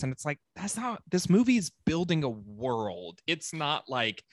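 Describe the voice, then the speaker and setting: A man co-hosting a podcast in casual chat, excitable, swearing and laughing often. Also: a little high, measured pace, few pauses, dry recording, studio quality. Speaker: podcast co-host.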